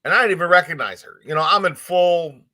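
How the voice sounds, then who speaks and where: A man co-hosting a beauty podcast, retelling an event in a quick, casual way. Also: high-pitched, sharp tone. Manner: quick retelling, reads listener comments. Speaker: podcast co-host. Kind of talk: casual storytelling chat.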